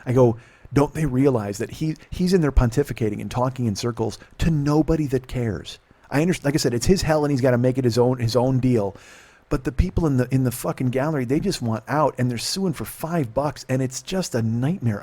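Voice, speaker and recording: A middle-aged man, a podcast host, telling a profane, animated story in casual talk and acting out the dialogue. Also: medium pitch, fairly quick.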